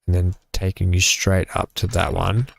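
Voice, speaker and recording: A man's voice: low voice, flat delivery, moderate pace, creaky, breathy edge. A man hosting a live game stream, chatting casually with viewers, joking and laughing often. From Australia. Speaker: live-stream gaming host. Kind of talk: casual live-stream chat while playing.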